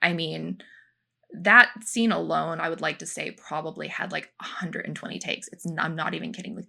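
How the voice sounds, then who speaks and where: A young woman co-hosting a podcast, telling animated behind-the-scenes stories in casual chat full of fillers. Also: lowish voice, gravelly. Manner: animated storytelling, many fillers. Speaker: podcast co-host, former film extra.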